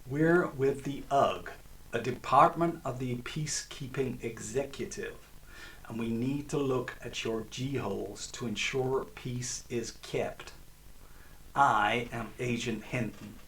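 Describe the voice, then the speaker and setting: A man voicing a stern, deadpan male government agent, heard from a distant mic. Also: mid-range voice, takes it slowly. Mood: officious. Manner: flat, officious delivery.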